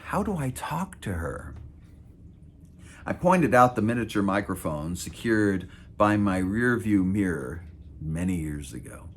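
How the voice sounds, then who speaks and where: A man in his fifties reads aloud from his own memoir. His voice sits low but moves a lot, rising and dipping through wry, self-mocking asides. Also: fairly bright tone. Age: 50s. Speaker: author.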